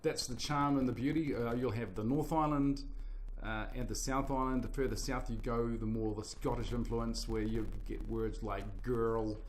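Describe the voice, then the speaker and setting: A man with a New Zealand accent talking quietly and taking his time, as if he were leaning in to share a thought. His voice sits at an ordinary middle pitch, relaxed and gentle. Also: slight background noise. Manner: soft, quiet and unhurried. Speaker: singer and guitarist. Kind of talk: casual interview answers.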